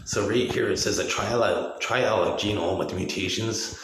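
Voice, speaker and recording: A man's voice: on the low side, measured pace, noisy background. A man in his forties giving an agitated, profane, rambling monologue, full of restarts. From Canada. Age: 40s. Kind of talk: ranting video monologue. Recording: very echoey room.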